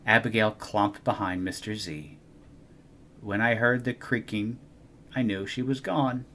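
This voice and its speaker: A young adult man reading a children's storybook aloud in an expressive, animated way. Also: lowish voice, a little slow, a little hiss or hum. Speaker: storybook reader.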